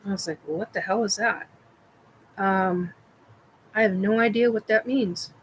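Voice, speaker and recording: A woman's voice: mid-range voice, fairly even intonation, unhurried, slight background noise, low-quality recording. A middle-aged woman hosting a casual live-stream chat, rambling with many fillers and restarts while she answers viewers.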